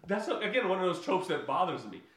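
A man's voice: high voice, big pitch swings, brisk, fairly bright tone, distant mic. A man recaps a movie in loose podcast chat, full of fillers, restarts and laughter. He sits away from the mic, and the room rings with heavy echo. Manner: rambling, many fillers and restarts, laughs often. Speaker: podcast co-host.

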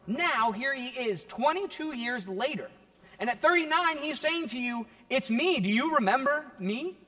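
A man with a high, very animated voice preaches a sermon, retelling a scripture story with lively storytelling. His voice rings out in a church hall with a long reverb. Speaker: pastor. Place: church sanctuary.

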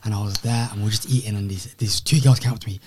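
A young man, telling stories as a podcast guest in excitable, slangy casual chat. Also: lowish voice, rapid-fire, a little hiss or hum. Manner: excitable storyteller, slangy, laughs often.

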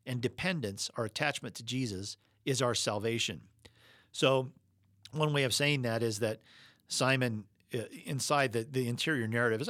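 A man's voice: medium pitch, a bit bright, no echo, clean studio sound. A man teaching a sermon-style Bible lesson in a conversational, emphatic way with frequent fillers. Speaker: preacher.

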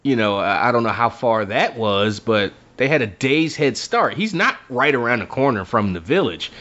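Recorded in dull lo-fi sound, a man recaps a book for a casual podcast chat he co-hosts. His mid-range voice keeps a moderate pace while he animatedly acts out lines from the story.

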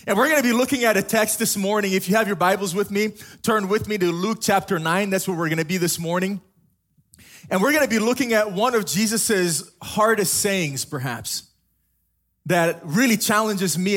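A man's voice: high-pitched, moderate pace, a bit bright. A young adult man from Africa, a pastor giving a sermon in a casual, storytelling way with humorous asides.

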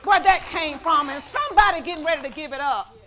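A woman pastor preaching a sermon in church, telling a personal story and building up to shouts of praise. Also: sits high, animated, quick pace.

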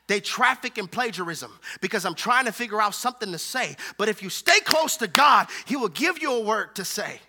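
A male preacher drives his points home with emphatic, repeated phrases. His voice sits very high for a man. It rings bright and sharp throughout. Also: lively intonation, brisk, hardly any pauses. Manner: emphatic, repetitive preaching with a call-and-response feel. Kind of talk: sermon.

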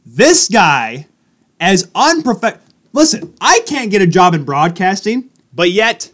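A young man co-hosting a sports chat show. His voice sits high and swings widely as he teases his co-host and launches into rants. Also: unhurried. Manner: teasing, excitable. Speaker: podcast co-host.

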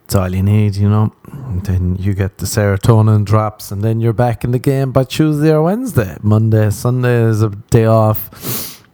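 A man's voice: on the low side, normal speed, mellow, no echo. A man hosting a podcast, telling crude, rambling stories and acting out the quotes in a casual comic monologue. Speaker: podcast host.

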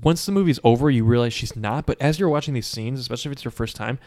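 Fast-talking and medium-pitched, this podcast co-host recaps a movie in a casual chat. He tells the plot animatedly, packing in "like" and other fillers, and briefly does voices to act out the characters' lines.

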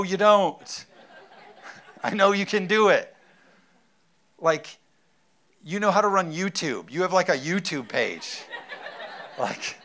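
A man in his thirties preaching a sermon, animated, laughing often and asking the congregation whether they are with him. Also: fairly high pitch. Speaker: pastor.

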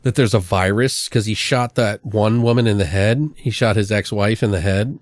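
A man's voice: on the low side, normal speed, no room sound, studio quality. A man casually recapping a horror movie on a podcast, swearing often, quoting lines from it and cracking himself up. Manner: profane, animated storytelling with quoted character lines and big laughs.

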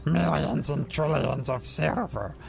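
A man's voice: a little high, takes it slowly, gravelly, exaggerated voice. A man voicing a terrified small male kobold who begs and bargains frantically. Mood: pleading. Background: background music.

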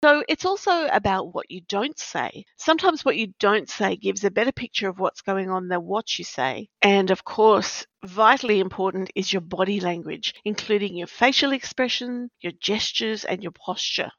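A woman hosting a podcast, explaining in a measured, explanatory way and stressing key words. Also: mid-range voice, lively intonation, a bit bright, dry recording. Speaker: podcast host, practice faculty manager. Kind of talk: scripted-sounding podcast chat. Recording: dry, slightly dull lo-fi recording.

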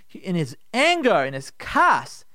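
Animated radio rabbi telling a story. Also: male voice, high voice, measured pace, no room sound. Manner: animated, conversational, acts out voices. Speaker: rabbi, radio show host. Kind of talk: storytelling Torah talk on radio.

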